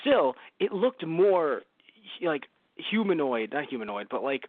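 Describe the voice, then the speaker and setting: Male podcast co-host, casual rambling reviewer who swears freely; slightly high voice, dry, phone-narrow audio. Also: unhurried, no room sound. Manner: rambling, swears a lot, animated.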